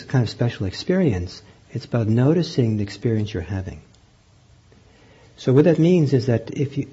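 Husky, mellow-voiced man teaching meditation. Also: on the low side, muffled recording. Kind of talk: guided meditation instruction.

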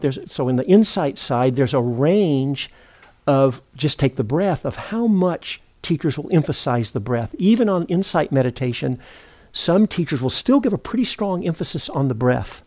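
A middle-aged man giving a meditation teaching at a retreat center, speaking in an unhurried, thoughtful way, often pausing to correct himself. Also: mid-range voice, mellow. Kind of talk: dharma talk.

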